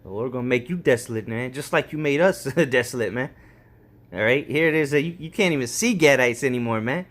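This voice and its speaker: A man's voice: medium pitch, fairly quick, fairly bright tone. A man giving loose, slangy commentary on scripture verses, ending his sentences with "man.". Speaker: street preacher.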